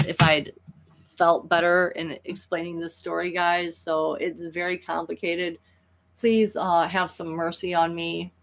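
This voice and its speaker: Brief: a chatty woman vlogger retelling a story, rambling, lowish voice. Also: gravelly. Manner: animated, rambling, many restarts. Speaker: spiritual vlogger.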